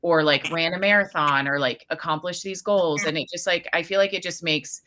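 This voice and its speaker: A woman chatting casually in an animated way, often quoting herself and filling her sentences with "like". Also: lowish voice, a little fast. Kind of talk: casual chat.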